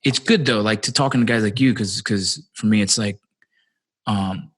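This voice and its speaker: A man's voice: fairly low pitch, moderate pace, a bit bright. A man in his thirties, a podcast guest, talking heatedly with heavy swearing. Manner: heated, profane, fired up. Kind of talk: casual chat.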